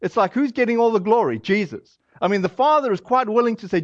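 A man with a fairly high voice preaches in a loose, chatty way, often slipping in fillers and quick asides. The sound is very dry with no room around it, and the recording is a little dull and lo-fi. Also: dry recording. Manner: casual and animated, acts out quoted voices, many fillers. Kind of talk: conversational sermon.

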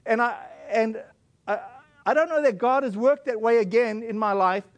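Man from South Africa with a high voice, earnest church preacher sharing a testimony, halting and heartfelt. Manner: earnest storytelling with many restarts and fillers. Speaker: pastor. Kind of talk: sermon testimony.

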